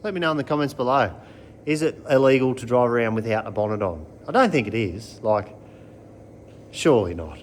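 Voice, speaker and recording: Upbeat Australian man with a mid-range voice, a relaxed, slangy vlog host in a workshop, faint noise around him. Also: medium pitch, fairly quick. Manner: upbeat, chatty, laid-back slang, yells playful calls. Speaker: vlogger. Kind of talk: casual chat. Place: panel repair workshop.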